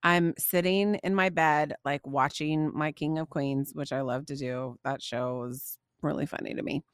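A woman, hosting a podcast and telling a family story in a gushing, animated way, laughing often. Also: low voice, moderate pace, smooth, no echo, clean studio sound. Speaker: podcast host. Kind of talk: casual storytelling to listeners.

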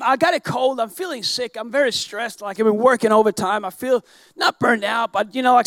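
A pastor telling a self-mocking story in an animated sermon, often breaking into shouts. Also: male voice, extremely high pitch, dry recording. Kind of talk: storytelling sermon to a live audience.

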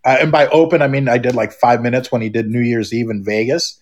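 A man's voice: mid-range voice, fairly even intonation, fast talker. A middle-aged man, a podcast guest, talking casually and rambling, with many restarts and fillers. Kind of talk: casual chat.

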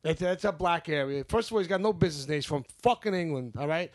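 New york guy, young, cursing a lot and ranting hot, voice sits up high for a man. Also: lively intonation, quick pace, few pauses. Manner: profane, heated ranting. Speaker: podcast co-host. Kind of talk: casual chat.

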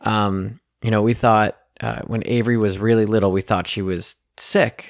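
A man's voice: lowish voice, fairly even intonation, normal speed, creaky, no room sound, clean studio sound. A man co-hosting a podcast, telling joking stories in casual chat, with frequent restarts. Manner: rambling, jokey storytelling with restarts. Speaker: podcast co-host.

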